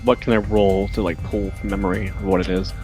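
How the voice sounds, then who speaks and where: A man's voice: sits low, flat delivery, a little fast, a little mellow, faint music behind. A man playing a tabletop game, asking hesitant questions at a game café. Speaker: player.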